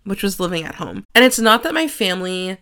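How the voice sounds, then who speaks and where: A woman's voice: medium pitch, sing-song, fairly quick, bright, forceful tone. A woman in her twenties hosting a solo podcast, talking frankly and confessionally, swearing casually and leaning on filler words. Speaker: podcast host. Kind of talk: candid solo podcast monologue.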